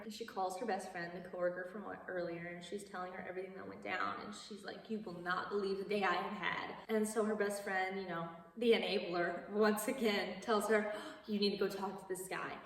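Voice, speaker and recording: A woman's voice: a little fast, few pauses. A young woman casually retelling a film plot, chatty and amused, jumping into little voices for the characters. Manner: chatty, amused, acts out quotes with lively pitch jumps. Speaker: vlogger. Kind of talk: casual movie recap storytelling. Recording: roomy, echoey, from a distance.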